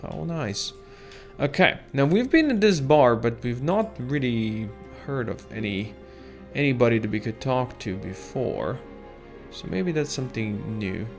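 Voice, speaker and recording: A man giving casual, chatty commentary over his gameplay, reacting to what happens on screen. His voice sits at an ordinary middle pitch, with faint music underneath. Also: lively intonation, unhurried, gravelly. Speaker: gaming channel host. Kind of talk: casual let's-play commentary.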